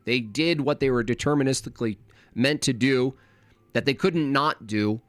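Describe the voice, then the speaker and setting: A man's voice: mid-range voice, normal speed, no room sound. A man hosting a live reaction stream, arguing combatively and mocking his opponents, sometimes mimicking them in silly voices.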